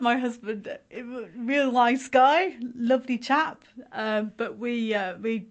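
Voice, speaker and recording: Chatty English-sounding woman telling stories. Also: mid-range voice. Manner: chatty storyteller, laughs often, acts out quotes of others. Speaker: podcast host sharing her story. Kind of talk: casual chat.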